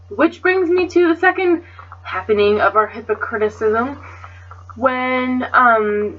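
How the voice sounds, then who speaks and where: High-voiced woman ranting indignantly. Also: a bit bright, muffled recording. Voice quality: swears freely, loose filler-heavy chatter. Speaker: vlogger. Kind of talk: casual storytelling rant.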